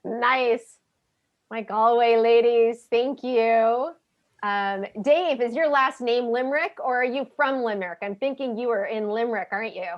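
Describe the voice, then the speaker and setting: A woman's voice: a little high, normal speed, highs cut off. An American woman hosting an interactive online leadership webinar, friendly and chatty with many ums. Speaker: webinar host and leadership trainer. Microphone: video call.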